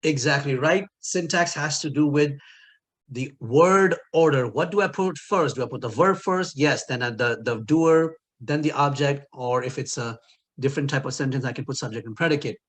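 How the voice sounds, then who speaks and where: A man's voice: medium pitch, moderate pace. Playful male linguistics teacher. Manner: playful, jokes and laughs at his own quiz answers. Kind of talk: recorded online lecture with quiz.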